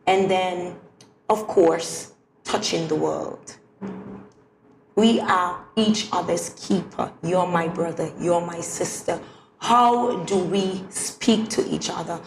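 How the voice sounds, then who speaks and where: A woman who is a teacher and poet answers interview questions in an earnest, devotional way, repeating phrases in a steady rhythm. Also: fairly low pitch, slow pace, slight background noise. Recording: roomy echo.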